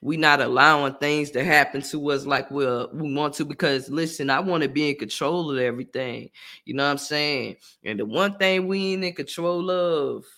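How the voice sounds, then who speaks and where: A young man speaks in a high, bright, ringing voice on a casual live stream. He talks earnestly to his viewers, repeats himself for emphasis, and leans on slang. His delivery keeps building toward loud hype shouts. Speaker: motivational vlogger.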